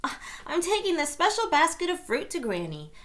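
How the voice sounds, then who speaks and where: A woman voicing a cheerful, polite little girl in a storybook reading, with a high, chirpy voice. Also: huge pitch swings, brisk, a bit bright, heavily acted. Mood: eager.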